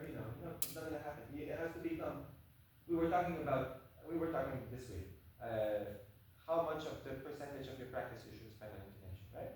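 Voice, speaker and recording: A man's voice: mid-range voice, a little hiss or hum. A man teaching a viola masterclass, talking emphatically and checking in with the student again and again. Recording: very echoey room, mic far off.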